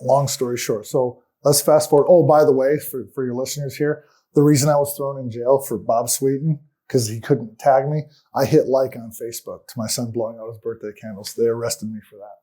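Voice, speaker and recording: Appearing as a talk-show guest, a man recounts his own story earnestly and with a sense of grievance. His voice is mellow and warm at a middle pitch, steady in tone and fairly quick, with sentences that often sink quietly at the end.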